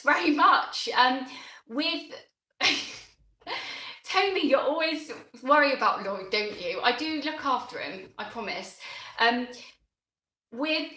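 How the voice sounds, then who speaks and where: A flustered woman chats on a gardening live stream, bright and fairly high, her words tumbling with excited restarts. The roomy recording carries a clear echo around her voice. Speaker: gardening channel host.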